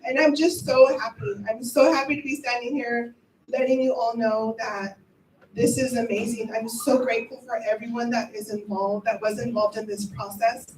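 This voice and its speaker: A woman's voice: a little high, steady tone, normal speed. Middle-aged teacher lady giving a teary proud speech, echoey cafeteria, faint hum behind. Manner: heartfelt, emotional. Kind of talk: ceremony speech. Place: school cafeteria. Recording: echoey room from a distant mic.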